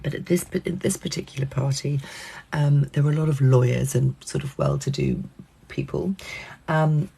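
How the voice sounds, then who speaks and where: A woman telling a story from her past in a gravelly, husky voice. She talks casually and animatedly, swears freely and fills gaps with ums and uhs. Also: a bass voice, expressive, moderate pace, warm tone. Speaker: channel host telling a personal story. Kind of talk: casual anecdote.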